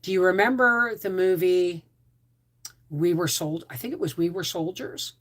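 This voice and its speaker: A woman's voice: on the low side, normal speed. A woman hosting a casual livestream, rambling with frequent restarts and asides. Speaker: homestead channel host.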